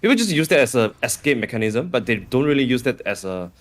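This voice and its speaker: Male panelist, medium pitch, reflective and tentative. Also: sing-song, fast talker. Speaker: esports commentator. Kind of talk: casual panel chat.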